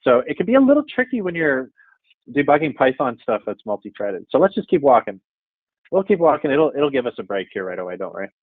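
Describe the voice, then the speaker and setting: A man presenting a live software demo webinar, walking through code in a casual, upbeat, chatty way. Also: medium pitch, very animated, fast, no echo, phone-quality sound. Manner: casual, upbeat, chatty with frequent "all right" and "okay, cool".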